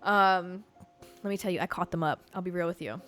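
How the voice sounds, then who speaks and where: A podcast host who grew up in Georgia tells a story in a casual monologue, blunt, profane and animated. Her voice is lowish and her delivery brisk.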